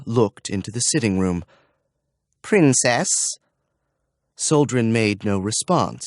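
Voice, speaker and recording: A man reading a fantasy audiobook in a measured storytelling manner. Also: on the low side, no room sound, studio quality. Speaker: audiobook narrator. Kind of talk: scripted audiobook narration.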